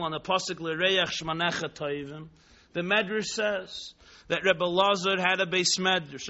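A man telling a story in a sermon, dramatic, swinging between hushed tones and exclamations, mixing in Hebrew and Yiddish terms. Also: high voice. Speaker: rabbi teaching Chassidus. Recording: dull lo-fi recording.

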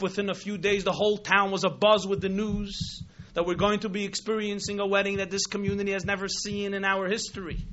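A man preaching, telling a story in a sermon with animated, dramatic delivery. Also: high voice. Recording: dull lo-fi recording.

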